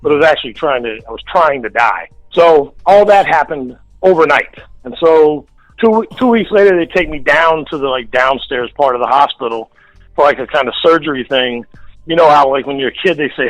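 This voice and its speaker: A man's voice: on the high side, fairly quick, no echo, faint music behind, low-quality recording. A man telling a story in a casual radio interview, blunt and heavy on the profanity. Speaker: guest. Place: radio studio.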